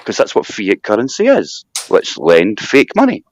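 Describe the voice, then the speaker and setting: Animated Scottish man ranting. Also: lowish voice, moderate pace, dry recording. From Scotland. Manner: animated rambling rant with mocking asides. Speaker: live stream host. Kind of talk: casual chat.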